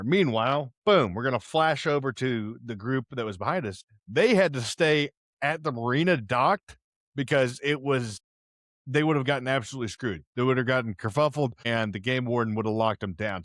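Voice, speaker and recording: With a fairly bright, medium-pitched voice, a young man from Houston casually spins a rambling, slangy story as a podcast host. He's partly deaf in one ear and wears headphones on a close mic, captured in clean studio sound without echo.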